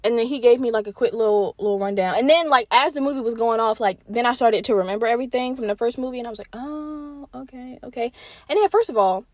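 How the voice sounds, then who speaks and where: A young woman hosts her podcast in an animated, profane, casual way, talking straight to her listeners. Her voice sits a little high. The recording is dry and close, with no room sound. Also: rapid-fire, hardly any pauses, no echo. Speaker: podcast host. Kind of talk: casual solo chat.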